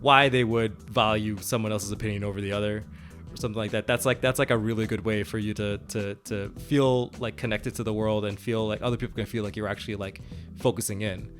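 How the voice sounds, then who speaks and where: A man's voice: lowish voice, steady tone, quick pace, fairly bright tone. A man co-hosting a tabletop gaming podcast, rambling through his points with many fillers and restarts. He laughs often as he talks, and faint music plays behind him. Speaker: podcast co-host. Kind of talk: casual chat about tabletop role-playing.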